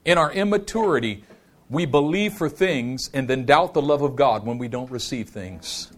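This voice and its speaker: A man's voice: mid-range voice, normal speed. A man preaching a sermon with passion, leading his congregation in repeated call-and-response lines. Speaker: pastor.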